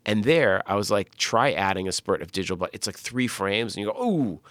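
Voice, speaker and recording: A middle-aged film director tells behind-the-scenes stories with lively energy, dropping frequent curses and acting out what people said. His voice sits very low. The sound is close and dry. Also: a little fast, no room sound. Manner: animated storyteller, swears often, acts out quotes. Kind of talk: casual interview talk.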